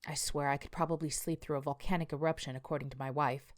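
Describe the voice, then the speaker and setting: A man's voice: a little high, steady tone, fast, lightly acted. A woman voicing a tired male landscaper, telling his story in a plainspoken, confessional way. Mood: rueful. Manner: confessional, plainspoken first-person account. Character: weary male landscaper writing a journal.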